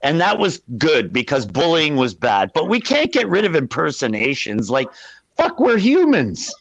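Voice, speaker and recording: A man's voice: on the high side, wildly swooping pitch, normal speed, dry recording. A man talking casually as a guest on a group video call, playful and teasing, with casual swearing. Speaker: panel guest.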